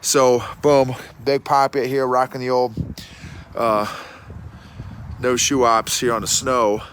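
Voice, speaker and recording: A middle-aged man with a folksy, animated manner, talking to a phone camera outdoors in the snow and often restarting his words. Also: medium pitch, slow pace, slight background noise. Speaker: leadership coach and podcast host. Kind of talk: casual outdoor talk to camera.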